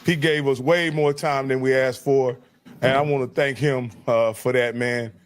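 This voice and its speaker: A man co-hosting a casual sports talk show, playful and quick to laugh, warmly thanking guests. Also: mid-range voice, steady tone, smooth. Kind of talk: casual chat.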